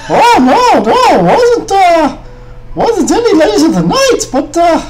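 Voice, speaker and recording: A woman playing a tabletop game, slow and cheery as she speaks for her character. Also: very high-pitched, huge pitch swings. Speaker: tabletop player. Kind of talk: casual tabletop play. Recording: noisy background.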